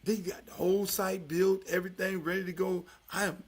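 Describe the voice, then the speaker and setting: An older man from Miami hosting his own podcast, talking in a loud, emphatic, profane way that drops to low confessional asides. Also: level tone, brisk. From Miami, United States. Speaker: podcast host. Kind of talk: casual profane talk-show monologue.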